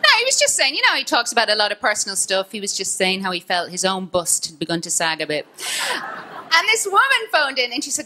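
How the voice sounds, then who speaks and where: A woman's voice: mid-range voice, huge pitch swings, fast, bright, forceful tone, slight background noise. A woman doing a stand-up set on stage, cheeky and laughing at her own lines. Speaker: stand-up comedian. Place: comedy club stage.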